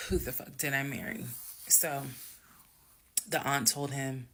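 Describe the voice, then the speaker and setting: A woman telling a personal story to her viewers, emphatic and dramatic, slowing down to stress words and then rushing ahead. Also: rumbling low, a bit bright. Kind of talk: casual storytime monologue.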